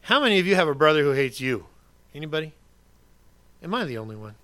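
A man preaching a sermon in a conversational way, asking his congregation questions and swinging from loud emphasis to quiet asides. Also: on the high side, sing-song, fast talker. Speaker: pastor.

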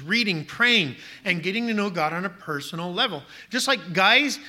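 A man's voice: sits high, pushed and bright. A pastor preaching a sermon, urging his listeners on with emphatic rhetorical questions.

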